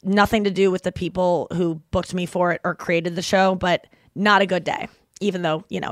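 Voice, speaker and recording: A woman co-hosting a podcast, spinning an animated, rambling story with plenty of casual swearing. Her pitch sits at an ordinary middle height for a woman. The sound is close and dry, with no room around it. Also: normal speed, no echo. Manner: animated, rambling anecdote-telling with frequent swearing. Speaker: podcast co-host.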